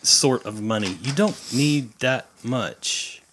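A man in a casual group conversation, joking and sometimes drawling slow mock impressions. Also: mid-range voice, a bit bright, slight background noise.

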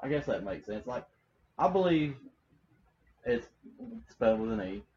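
A man in casual chat, calmly asking questions. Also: medium pitch, measured pace, highs cut off, slight background noise. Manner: calm, questioning, laid-back.

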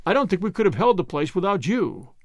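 A man voicing an excited, talkative British gentleman who proposes toasts in a hearty, rambling way. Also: sits high, fast talker, no echo, studio quality, heavily acted.

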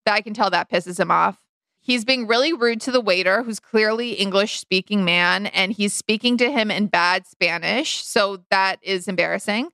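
Female podcast co-host, bright gravelly storyteller, does voices for quotes, dry close sound. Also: normal speed, no room sound. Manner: chatty, acts out quoted lines with big pitch jumps. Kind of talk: casual storytelling chat.

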